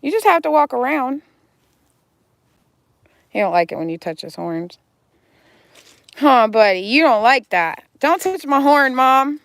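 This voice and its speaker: A woman's voice: on the high side, sing-song, measured pace, pauses often, no room sound. A woman live-streaming with her rescued animals, chatting casually and cooing baby talk at them.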